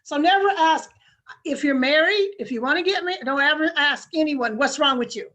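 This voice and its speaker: A woman's voice: sits high, a little fast, sharp tone. A mother and life coach earnestly giving parenting advice, acting out what she says to her child. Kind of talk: animated advice talk.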